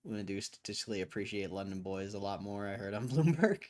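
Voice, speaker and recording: A man's voice: on the low side, lively intonation, quick pace, a little mellow. Laid-back man hosting a livestream. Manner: laid-back, chuckling, loose slang. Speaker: livestream host. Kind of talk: casual livestream chat.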